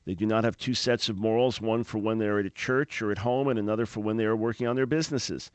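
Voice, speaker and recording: A man's voice: on the low side, fairly even intonation, fast, smooth, dry recording. A man hosting a religious radio talk show, speaking in an emphatic preaching manner and often repeating words as he starts a phrase.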